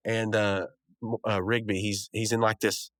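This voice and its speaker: Low-voiced guy rambling through a cartoon recap, dry close mic, lots of ums. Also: flat delivery, normal speed, fairly bright tone, dry recording. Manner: rambling, chuckling, lots of fillers. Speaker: podcast host. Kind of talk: casual episode recap.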